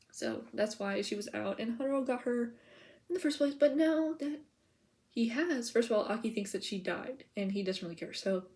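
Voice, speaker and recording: A woman's voice: on the high side, a little mellow. A woman vlogger chatting casually to the camera, rambling and giggly, full of "like" and "okay?" as she info-dumps. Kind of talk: casual POV chat to camera.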